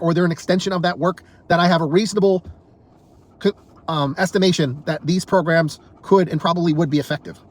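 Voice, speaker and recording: A man's voice: high-pitched, husky. A man delivering an angry, exasperated political rant to camera, swearing often and tripping over repeated words as he gets worked up. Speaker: political commentator.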